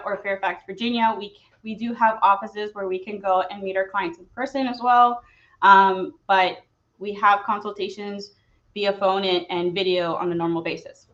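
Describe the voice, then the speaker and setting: A woman's voice: medium pitch, a bit bright, lo-fi sound. A woman in her thirties, an immigration attorney, talking earnestly and personally in a live question-and-answer stream, with frequent fillers.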